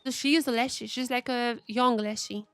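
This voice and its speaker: A woman's voice: a little high, fairly even intonation, moderate pace, clean tone, no echo, faint music behind. A young woman streaming a game, chatting casually and thinking aloud as she reads the game's text. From Eastern Europe. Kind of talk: casual gameplay commentary.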